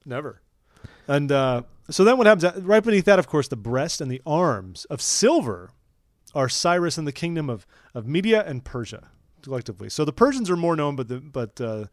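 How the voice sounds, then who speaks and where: A man's voice: fairly high pitch, sing-song, normal speed, no echo, clean studio sound. A man hosting a casual scripture discussion podcast, playful and jokey, thinking aloud as he goes. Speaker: podcast host.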